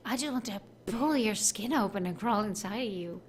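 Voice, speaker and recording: A woman voicing an obsessive, lovesick young woman, reading game dialogue in a soft, hushed, intense way. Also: mid-range voice, animated, moderate pace, a little hiss or hum, close to an everyday voice. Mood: pleading.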